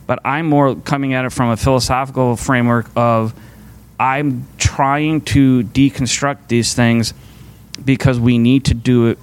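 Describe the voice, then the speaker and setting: Earnest rambling man giving a talk. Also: medium pitch. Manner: earnest, rambling with frequent restarts. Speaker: speaker giving a talk to a faith community. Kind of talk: casual conversational sermon.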